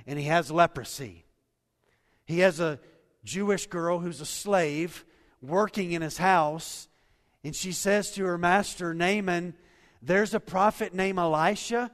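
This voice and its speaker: A male pastor preaching a sermon in a church hall, swinging between soft, low passages and loud, raised ones. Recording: long reverb of a large hall.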